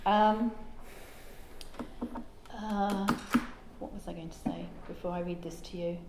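A woman who works as a lecturer and translator delivers an informal, meandering lecture, full of ums, asides and digressions. Her voice is slow and creaky, mid-range for a woman but leaning low, in an echoey room with a faint ambient hum.

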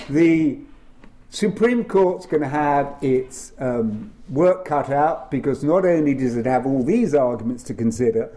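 A man speaking on constitutional law at a panel, emphatic and lively, with frequent fillers. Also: mid-range voice. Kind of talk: lecture-style panel talk.

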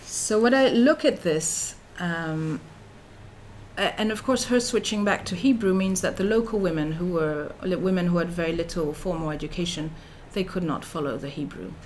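A woman's voice: lowish voice, normal speed, a little hiss or hum. Woman giving a thoughtful academic talk. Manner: thoughtful, with frequent fillers and restarts. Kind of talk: academic lecture.

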